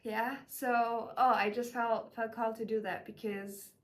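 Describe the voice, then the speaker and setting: Young woman, spiritual channeler, chatty and gushing, on the higher side. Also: fairly even intonation, measured pace. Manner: gushing and filler-heavy, warmly emotional. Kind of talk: casual spiritual message vlog.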